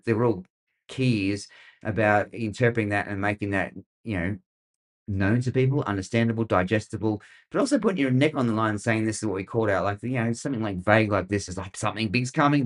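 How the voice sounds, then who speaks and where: A middle-aged Australian man hosting a weather show, rambling and sarcastic with lots of fillers. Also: lowish voice. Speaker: weather podcast host. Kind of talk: casual commentary.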